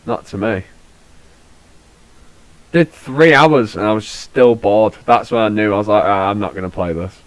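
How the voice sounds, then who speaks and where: A man's voice: on the low side, normal speed, long pauses, no room sound, poor audio. A British man, a podcast host, chatting casually and swearing freely, with laid-back banter. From Britain. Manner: swearing, laid-back, puts on posh voices for jokes. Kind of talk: casual chat.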